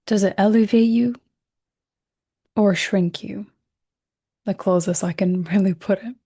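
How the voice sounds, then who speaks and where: A woman hosting a recorded self-help workshop. She speaks gently and reflectively, corrects herself mid-sentence, and drops into soft whispers on key words. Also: medium pitch, steady tone, a little slow, slightly rough. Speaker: workshop host.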